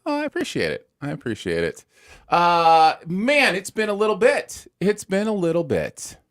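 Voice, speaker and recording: A man's voice: sits high, wildly swooping pitch, moderate pace. A man co-hosting a live stream in a playful, easygoing chat. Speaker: co-host.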